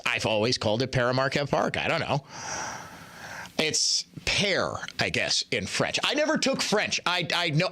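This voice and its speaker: A middle-aged male radio host delivers a political monologue full of sardonic, mocking asides. His voice is bright and sharp and sits a little high for a man. He reads listener messages aloud between his own remarks. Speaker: radio talk show host.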